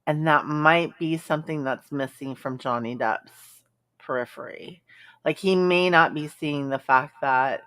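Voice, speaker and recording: Chatting casually on her live stream, this woman answers viewer comments bluntly and sarcastically, with plenty of ums. She speaks unhurriedly in a deep voice with a fairly bright tone.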